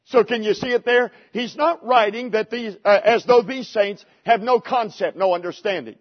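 A man's voice: high voice, moderate pace. A man preaching a sermon in a conversational way, asking his listeners rhetorical questions. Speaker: pastor. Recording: dull lo-fi sermon recording.

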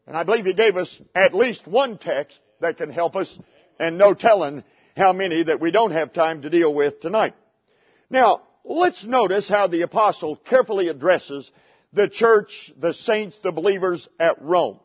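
High-voiced preacher, lo-fi recording. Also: male voice, animated, normal speed. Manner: conversational preaching with rhetorical questions. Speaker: pastor. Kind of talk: sermon. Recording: dull lo-fi sermon recording.

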